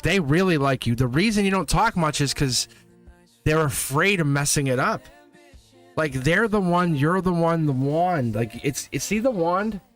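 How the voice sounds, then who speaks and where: A man giving a casual live tarot reading, rambling and chatty, laughing often. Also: a little high. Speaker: tarot reader.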